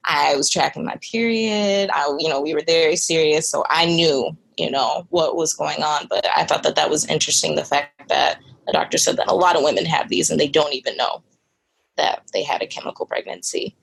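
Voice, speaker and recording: A woman's voice: deep voice, gravelly. A young woman who is a podcast guest, telling a personal story in a candid, earnest way with lots of conversational fillers.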